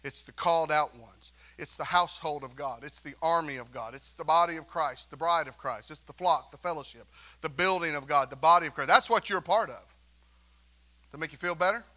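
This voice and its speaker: Male pastor, high bright voice, emphatic call-and-response sermon in a church. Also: brisk. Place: church sanctuary.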